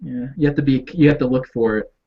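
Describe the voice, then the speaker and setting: A man's voice: mid-range voice, quick pace, creaky, husky, dull audio. Hesitant New York man on a call. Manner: hesitant, repeats words, trails off. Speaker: co-host. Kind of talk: casual video-call discussion. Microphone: video call.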